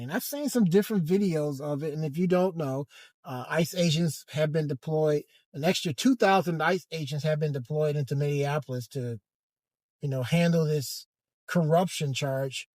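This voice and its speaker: Sitting in the driver's seat of a car, a vlogger with a fairly high male voice talks through a casual monologue. He hesitates often, halting and restarting sentences and leaning on fillers as he hunts for words. The sound is dry and close, with no echo from the space.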